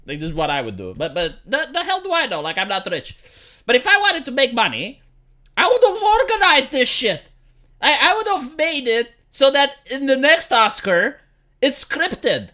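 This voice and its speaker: A lively, bright woman streamer, sarcastic and profane. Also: high voice, moderate pace. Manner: profane, sarcastic, stammers with repeated words. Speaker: live streamer. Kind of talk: casual reaction stream commentary.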